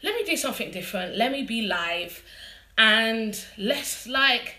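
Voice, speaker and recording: A woman's voice: fairly high pitch, lively intonation, measured pace, bright, forceful tone, roomy sound. A woman with a London accent hosting a casual live interview, chatty and bubbly. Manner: chatty and bubbly, laughs often. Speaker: host. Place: living room.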